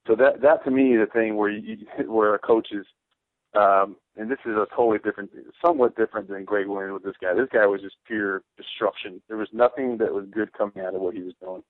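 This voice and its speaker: A man's voice: on the low side, steady tone, a little fast, no room sound. A man who played pro football, co-hosting sports radio and telling a story emphatically with many repeated phrases. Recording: tinny phone-like radio broadcast, dry.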